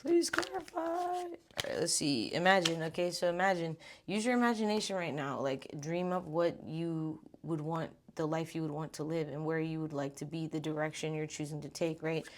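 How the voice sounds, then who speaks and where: A young woman with a low voice reads tarot cards in a loose, chatty way. She talks informally, a little out of breath, and drops the odd swear word along the way. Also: fairly even intonation, a little fast, few pauses, a little hiss or hum. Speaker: tarot reader. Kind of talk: casual tarot reading.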